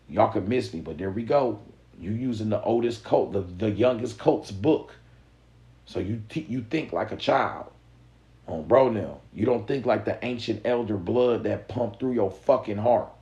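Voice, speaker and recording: A man's voice: lowish voice, a little mellow, dull audio. A man hosting a live stream, talking in a casual, profane, emphatic way, full of street slang and repeated catchphrases. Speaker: livestream host.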